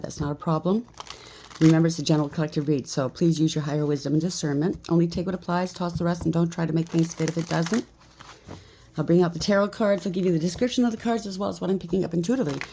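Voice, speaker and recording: Low, mellow-voiced woman tarot reader. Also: vocal fry, a little hiss or hum. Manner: blunt, chatty, swears freely. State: slightly out of breath. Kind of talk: solo tarot reading.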